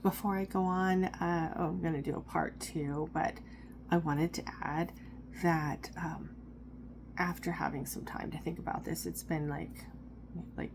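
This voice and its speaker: A woman's voice: low-pitched, fairly even intonation, unhurried, gravelly, noisy background. A woman vlogging from a parked car into a phone camera, talking candidly and rambling, with fillers and the odd swear word. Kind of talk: candid personal vlog.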